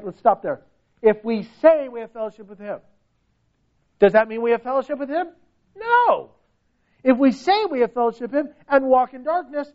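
Male preacher, very high pitch, emphatic rhetorical delivery, dull lo-fi recording. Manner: emphatic, rhetorical questions, pitch swings widely. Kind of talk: sermon.

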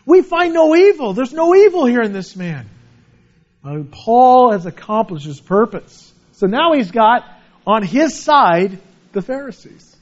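Pastor guy preaching, earnest, reads verses then explains, kinda high voice. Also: very animated, a little slow, lo-fi sound. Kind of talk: sermon.

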